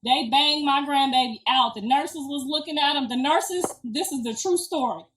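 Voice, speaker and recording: Middle-aged woman, high voice; emphatic, profane storyteller; distant mic in a reverberant room. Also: normal speed. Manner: animated, emphatic, profane, slangy. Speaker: grandmother telling a birth story. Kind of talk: casual storytelling. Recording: echoey room, distant mic, faint music.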